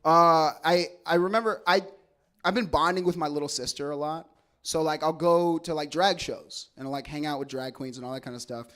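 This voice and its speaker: A man's voice: on the high side, a little fast, a bit bright. A stand-up comedian, a man from El Segundo, talking in a slightly raised register. He rambles through his stories and trips over restarts as he goes. His delivery is casual, profane and confessional. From El Segundo, California. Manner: rambling, stammering, profane storytelling.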